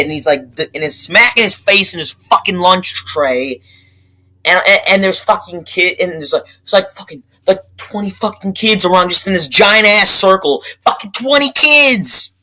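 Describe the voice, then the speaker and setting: A young man giving a casual movie review, rambling and excitable, swearing constantly and restarting his sentences. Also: sits high, rough recording. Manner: profane, excitable, rambling with many fillers and restarts.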